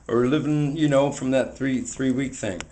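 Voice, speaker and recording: A man in his forties films himself on a handheld camera as he walks outdoors. He talks in a loose, rambling way that turns earnest and preachy, often repeating words as he restarts. His voice sits at an ordinary middle pitch. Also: steady tone, unhurried, dark tone. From United States. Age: 40s. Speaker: vlogger. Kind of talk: casual walking monologue to camera. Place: outdoors on foot. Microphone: handheld camera mic.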